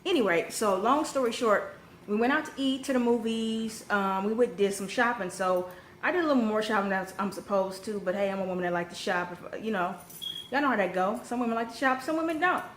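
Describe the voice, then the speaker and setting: A young adult woman telling a personal story in a casual vlog, blunt and profane, with sudden animated rises when she gets heated. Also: medium pitch, brisk. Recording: echoey room with faint background noise.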